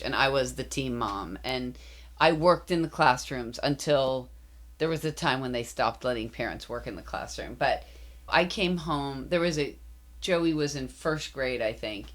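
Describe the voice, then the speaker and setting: A woman in her fifties, a podcast guest, telling candid parenting stories in casual chat. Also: rumbling low. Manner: candid storytelling, acts out quoted dialogue.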